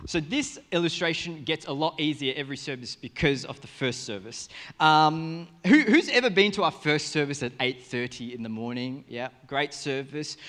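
An Australian man preaching a sermon to a congregation, joking and telling stories with sudden swings between loud and soft. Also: fairly high pitch. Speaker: pastor. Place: church service in front of a congregation.

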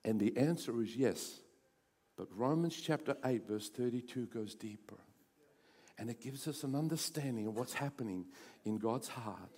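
A male pastor preaching a sermon, building to loud emphatic runs and then dropping to hushed, intense passages. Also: mid-range voice, lively intonation, moderate pace, slightly rough. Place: church sanctuary. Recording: church hall reverb.

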